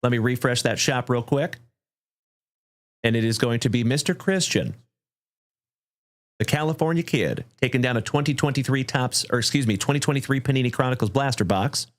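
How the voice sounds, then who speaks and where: A man hosting a livestream trading card break, thanking viewers effusively and calling out cards with excitement. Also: medium pitch, brisk. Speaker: live card break host.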